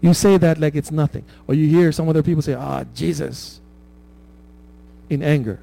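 A man's voice: a little high, fairly even intonation, quick pace, dark tone, rough recording. A man preaching a conversational sermon, checking in with his listeners with "right?" and laughing at his own stories. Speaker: pastor.

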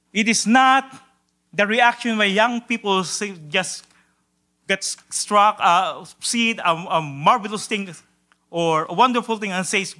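A man preaching a sermon, swinging from hushed, low passages to loud, drawn-out exclamations, with occasional stumbles and repeated words. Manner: drawn-out emphatic quotations. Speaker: pastor.

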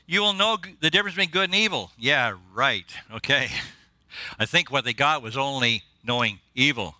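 A man preaching to a church congregation with an excitable, jokey energy, chuckling at his own quips. His voice is very bright and sits a little high for a man. The sound is close and dry. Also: no echo. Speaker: guest preacher. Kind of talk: sermon.

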